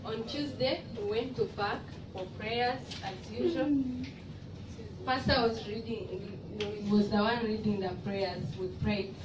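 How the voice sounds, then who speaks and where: A woman giving an earnest, soft-spoken testimony at a church service. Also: mid-range voice, fairly even intonation, unhurried. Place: church hall in Abu Dhabi. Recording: echoey hall, mic far off, noisy.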